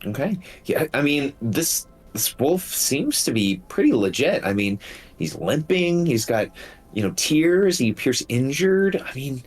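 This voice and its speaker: A man narrating as game master of a tabletop game, in a measured, descriptive way. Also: medium pitch, big pitch swings, soft background music.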